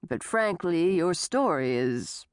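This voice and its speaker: Woman doing a doubtful sheriff guy, low-ish, slow, brushing her off. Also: expressive, clear, resonant tone, no echo, clean studio sound. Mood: skeptical. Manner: doubting, measured, dismissive. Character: skeptical, unhurried male small-town sheriff.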